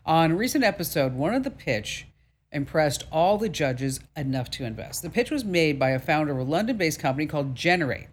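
A woman hosting a radio tech talk show, brassy and jokey, with emphatic delivery and playful asides. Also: deep voice.

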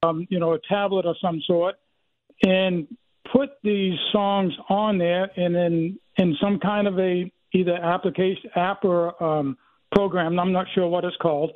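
High-voiced man caller, halting with lots of ums, on a tinny phone line. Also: steady tone. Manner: hesitant, with many fillers. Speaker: radio show caller. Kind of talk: phone call to a radio show.

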